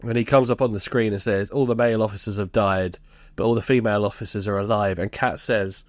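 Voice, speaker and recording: A man's voice: fairly low pitch, fairly even intonation, quick pace, no room sound. A man co-hosting a podcast, casually recapping a sitcom, laughing and swearing as he retells scenes. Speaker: podcast co-host.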